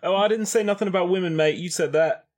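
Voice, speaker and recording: A man's voice: high voice, fast talker. A man playing his musician character in a tabletop game, laughing a lot and swearing freely. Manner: laughs often, swears, slips into a put-on Australian-style character voice. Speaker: player.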